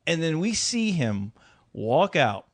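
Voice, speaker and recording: Male podcast co-host, high and very lively, casual storyteller who laughs a lot. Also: takes it slowly. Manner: animated, laughing, swears freely, jumps into high voices for quoted people.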